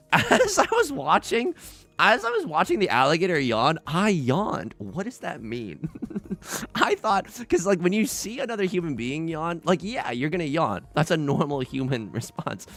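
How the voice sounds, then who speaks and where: A young man streaming an online mahjong game, joking and reading out chat in a casual, animated way. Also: fairly high pitch. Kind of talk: casual livestream commentary while playing mahjong.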